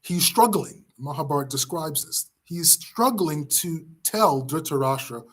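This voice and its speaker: A man teaching a class by retelling an epic story in a dramatic, emphatic way with pauses. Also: fairly high pitch, lively intonation, husky. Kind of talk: storytelling lesson.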